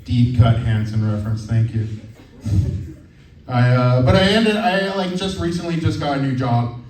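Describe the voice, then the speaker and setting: A man's voice: mid-range voice, moderate pace, a little mellow. A man in his thirties doing a stand-up comedy set, rambling and hesitant with lots of fillers. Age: 30s. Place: comedy venue with live audience. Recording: roomy, from far off.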